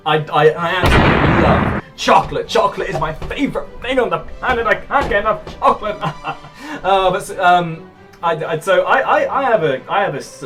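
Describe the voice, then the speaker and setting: Young man, upper-class English accent, casual vlog chat, jokey, high-ish voice, faint background music. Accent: upper-class sounding English. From England. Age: young adult. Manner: animated and jokey, with bursts of loud shouting. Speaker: YouTuber answering viewer comments.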